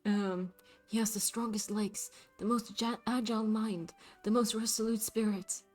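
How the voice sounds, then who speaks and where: A woman voicing a calm, formal frog who hosts a jumping contest, speaking softly and courteously. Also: medium pitch, soft background music, natural voice. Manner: soft-spoken, courteous, measured.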